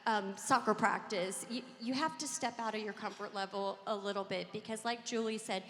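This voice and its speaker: A woman's voice: medium pitch, brisk, slight background noise. A woman from Kentucky with a Southern accent, speaking as a panelist, earnest and pleading. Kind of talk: convention panel talk. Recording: hall reverb.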